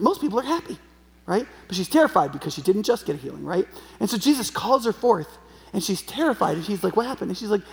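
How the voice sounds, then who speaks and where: A man's voice: high-pitched, gravelly. A man preaching a sermon in a conversational way, often checking in with the audience. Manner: conversational, frequent tag questions. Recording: long hall reverb.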